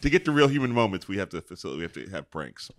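A man talking as a podcast guest, an animated storyteller who acts out other people's lines. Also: sits low, very fast. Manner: animated storyteller acting out quotes. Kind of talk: casual podcast chat.

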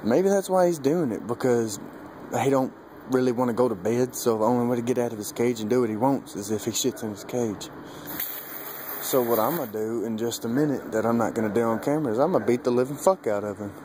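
A man's voice: medium pitch, fairly quick. Rambling, cursing young man outdoors. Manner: profane, rambling, laughs often, gets animated retelling. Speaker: vlogger. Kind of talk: casual rambling vlog. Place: outdoors by a dog cage. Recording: noisy outdoor ambience.

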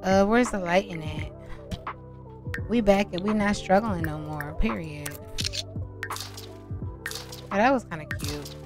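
A young woman hosts a casual game let's-play, speaking. She chats warmly with her viewers and often gets excited as she goes. Faint music plays softly behind her voice. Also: mid-range voice, unhurried, long pauses. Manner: chatty, excitable, talks to viewers as y'all. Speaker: gaming channel host.

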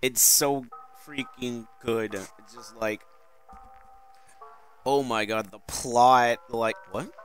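A gaming YouTuber doing let's-play commentary, excitable and given to yelps and shouts as he reacts to the game. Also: medium pitch, slow, soft background music.

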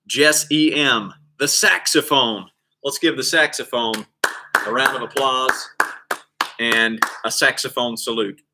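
A man's voice: mid-range voice, measured pace, heavy background noise. A man leading a live online exercise class for kids as their PE coach, counting out reps and cheering the children on by name. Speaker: PE coach hosting a kids' class.

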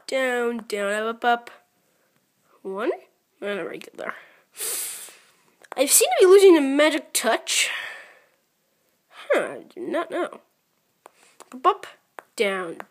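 A young woman playing a mobile game, counting her moves out loud and grumbling as she loses. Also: on the high side. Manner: counting moves aloud, mildly frustrated. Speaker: gaming channel creator. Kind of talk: casual gameplay commentary.

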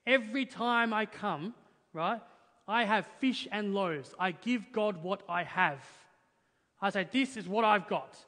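High-voiced young pastor preaching. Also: male voice, lively intonation, a little slow, pushed and bright. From Australia. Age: young adult. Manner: earnest and emphatic, often adds "right?". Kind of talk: sermon. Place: church hall, in front of a congregation. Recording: reverberant church hall.

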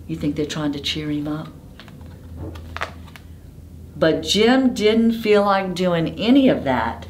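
A woman reads a picture book aloud to young children, stopping often to ask them questions. She talks slowly with a lively, sing-song rise and fall. Faint noise sits behind her voice. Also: low-pitched, reverberant. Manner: interactive, asks children questions. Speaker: storytime reader.

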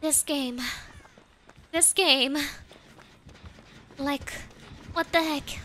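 Brief: woman streamer, very high and bright, unhurried, playful and dramatic. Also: fairly even intonation, a little hiss or hum. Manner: playful, dramatic pleading and exclamations. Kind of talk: live gameplay commentary.

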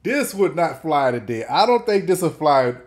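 A man's voice: on the high side, big pitch swings, normal speed. A man hosting a reaction video, talking in casual slang and exclaiming and laughing as he comments.

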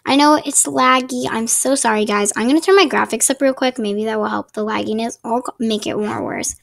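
Rambly woman talking game tips into her laptop mic, kinda high voice, keeps saying sorry. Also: fairly quick, vocal fry, a bit bright. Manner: rambling, chatty, apologetic asides. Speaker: gaming channel host. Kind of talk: casual gameplay tutorial commentary. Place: home desk with ring light. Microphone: laptop built-in mic.

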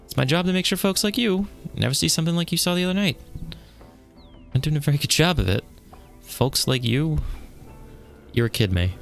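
A man voicing a stern female small-town police officer in a game, grave and warning, with a gravelly edge. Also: on the high side, expressive, soft background music. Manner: grave, warning, slow and deliberate.

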